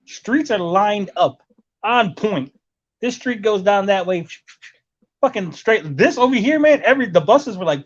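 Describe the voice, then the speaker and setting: Podcast host, man, slightly high voice, rambling and foul-mouthed, lo-fi audio. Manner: rambling, profane storytelling with lots of "like" and "right?". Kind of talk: casual chat. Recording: lo-fi muffled audio.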